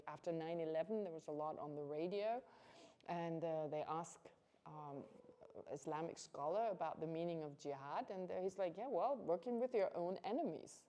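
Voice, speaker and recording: A woman's voice: on the low side, mellow. A woman giving an informal Buddhist teaching to a class, chatty and conversational, laughing often and restarting her sentences.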